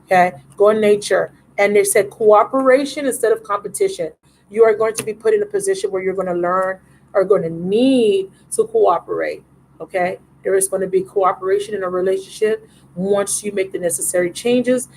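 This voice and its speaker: A woman's voice: mid-range voice, brisk, a little mellow, slight background noise, low-quality recording. A woman hosting a live tarot reading stream in a casual, affectionate way, calling viewers baby and love.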